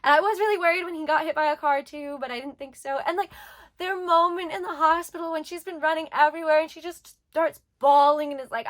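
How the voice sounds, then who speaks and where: A woman's voice: sits high, fast, fairly bright tone. A young woman reviewing a manga in casual chat, rambling with lots of filler words and getting emotional.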